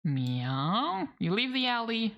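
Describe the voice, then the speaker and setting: Slow, low-voiced woman reading a game aloud. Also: expressive, fairly bright tone, dull audio. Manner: reads narration aloud and reacts with laughs and casual swearing. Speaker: game streamer. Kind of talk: let's play commentary, reading game text aloud.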